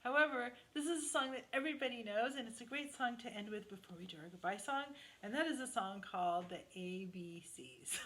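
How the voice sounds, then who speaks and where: A woman's voice: a little high, a little fast. A woman music therapist leading children in a sing-along lesson at home, with a bouncy, sing-song, encouraging way of talking. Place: home, online session. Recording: guitar playing loudly behind.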